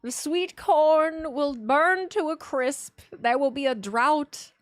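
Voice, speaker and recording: Brief: woman doing a mock prophet of doom, grandly solemn, high and loud, slow, dry sound. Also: expressive, dry recording. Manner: booming, solemn, old-fashioned scriptural phrasing. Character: grandiose doom-preaching prophet foretelling plagues.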